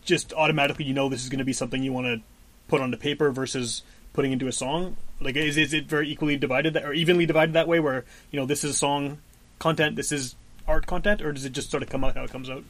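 Guy interviewing, talks fast, rambly questions. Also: fairly high pitch, fairly even intonation, a bit bright. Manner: quick, loosely phrased questions. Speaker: interviewer host.

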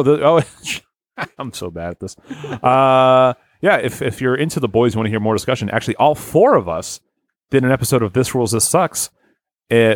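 A man's voice: medium pitch, dry recording, clean studio sound. A man in his thirties hosting a podcast, chatting casually and joking around. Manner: lively, jokey, laughs easily. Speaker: podcast host. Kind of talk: casual chat.

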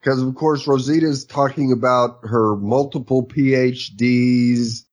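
A man co-hosting a casual chat, unhurried and often chiming in agreement. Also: mid-range voice, fairly even intonation, a little mellow. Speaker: podcast co-host.

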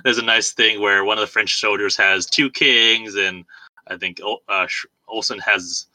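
A man's voice: lowish voice, fairly even intonation, moderate pace, sharp tone, no echo, poor audio. A man co-hosting a podcast in casual film review chat, chatty and self-deprecating, laughing often. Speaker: podcast co-host.

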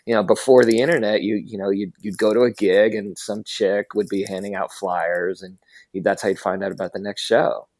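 A man who is a podcast guest talks over old times in a lowish voice, agreeable and reflective. The sound is dry and close-miked. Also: steady tone, brisk, a little mellow, no echo. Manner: reminiscing, agreeable. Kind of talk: casual chat.

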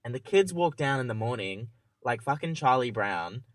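A man's voice: medium pitch, expressive, normal speed, dry recording. A man co-hosting a podcast in casual chat, retelling in a loose, hesitant way. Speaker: podcast co-host.

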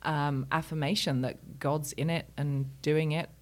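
A woman from London with a low, deep-set voice and a clear London English accent. She talks earnestly as an interview guest, often pausing with ums while she thinks. She sounds middle-aged. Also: steady tone. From England. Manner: earnest, warm-hearted storytelling with frequent ums. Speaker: pastor and guest. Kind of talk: casual interview conversation.

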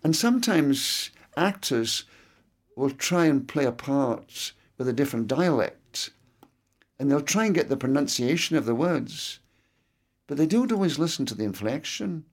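An older man with a Scottish-tinged English accent and clear actor's diction, explaining his views as a guest in an interview. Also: a little high, lively intonation, unhurried. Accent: English with a Scottish inflection.

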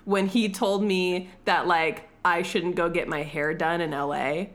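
Animated woman chatting and laughing. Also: on the low side, measured pace, slight background noise. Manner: animated, laughs often, acts out characters' lines. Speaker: podcast co-host. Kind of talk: casual chat recapping a film.

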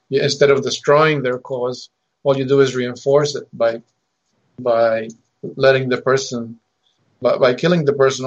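A man's voice: mid-range voice, dull audio. A man co-hosting an online talk show, giving intense opinions and often restarting his words. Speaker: co-host. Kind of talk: casual commentary.

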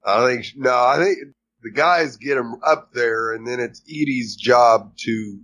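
A man co-hosting a podcast, retelling the plot of a series in a measured, matter-of-fact way. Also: medium pitch, fairly bright tone, a little hiss or hum. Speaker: podcast co-host recapping a series. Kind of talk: casual chat.

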